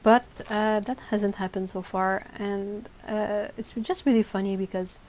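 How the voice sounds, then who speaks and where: Woman livestream host; chatty and easygoing, reacting to chat, warm mellow tone. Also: medium pitch, fairly even intonation, a little slow, slight background noise, rough recording.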